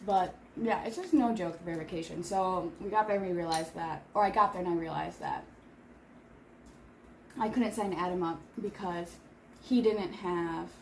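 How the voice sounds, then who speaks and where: A woman's voice: fairly low pitch, moderate pace, darkish tone, slight background noise. A woman in her thirties chatting casually on a vlog while eating, rambling with lots of filler words. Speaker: vlogger. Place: home in Seoul.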